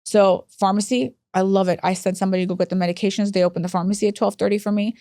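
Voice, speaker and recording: A hospice chief operating officer tells a long story in a podcast interview, acting out the dialogue as she goes. She's a fast, animated storyteller with a mid-range voice. The sound is clean studio audio with no room sound.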